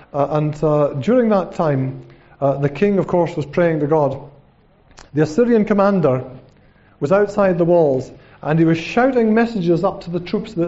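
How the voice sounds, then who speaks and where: A man's voice: on the high side, dark tone. A man preaching a sermon in a conversational way, often checking in with a rhetorical "hmm?" and acting out the quotes dramatically. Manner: dramatic retelling with acted-out quotes. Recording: dull lo-fi recording.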